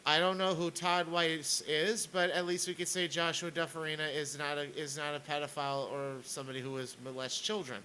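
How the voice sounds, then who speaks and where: A man's voice: a little high, flat delivery, brisk, hardly any pauses, bright, forceful tone, clean tone, rough recording. A man streaming a sarcastic rant, stammering and repeating words as he comments on clips.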